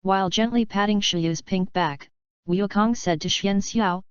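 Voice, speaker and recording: A woman reading fan fiction aloud as an audiobook in a steady, even way. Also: medium pitch, measured pace, smooth, no echo. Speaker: audiobook reader. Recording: slightly dull lo-fi recording.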